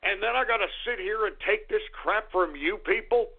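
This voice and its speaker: A man hosting a radio show, ranting angrily, swearing and swinging between low grumbling and shouting. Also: moderate pace, vocal fry. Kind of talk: ranting call-in radio talk. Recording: tinny phone-like radio recording.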